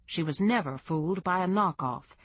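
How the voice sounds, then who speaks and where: Brief: woman audiobook narrator, low register, dry studio sound, first-person storytelling. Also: moderate pace, dry recording, muffled recording. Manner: reads in first person, lightly voicing characters. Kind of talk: scripted narration.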